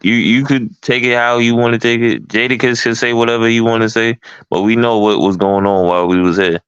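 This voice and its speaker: A man's voice: mid-range voice, fairly even intonation, fairly quick, fairly bright tone, smooth, no room sound. A man in a casual group chat who stammers at the start of a sentence, then insists on his point. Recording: dry, dull recording.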